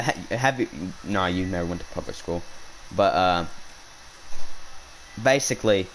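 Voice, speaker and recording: Young man rambling, lowish voice. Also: slight background noise, low-quality recording. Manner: rambling, indignant, restarts a lot. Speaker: hunting vlogger. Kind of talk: casual storytelling. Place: outdoors while hunting.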